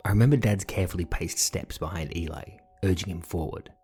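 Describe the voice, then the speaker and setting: A man narrating a family podcast in a measured, reflective, dryly humorous way. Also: sits low, darkish tone, husky, faint music behind. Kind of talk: scripted narration.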